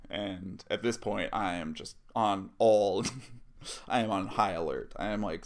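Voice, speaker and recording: A man's voice: lowish voice, fairly even intonation, measured pace. A man vlogging and casually telling a first-person story, rambling with lots of fillers and asides.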